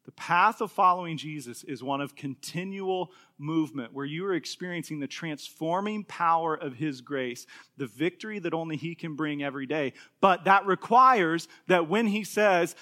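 A man in his thirties delivers a sermon in a high, bright voice. He preaches with animation and slips into the voices of the people he quotes, lifting and dropping his delivery to make each point. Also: normal speed. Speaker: pastor.

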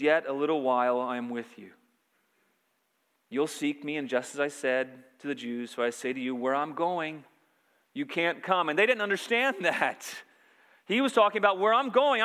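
A man's voice: on the high side, a bit bright, big-room sound. A male pastor preaching a sermon, retelling scripture scenes earnestly and quoting the lines as he goes.

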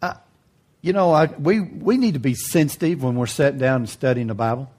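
A man pastor preaching a sermon in a folksy, joking way, his voice jumping high for emphasis. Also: a little fast, a little mellow.

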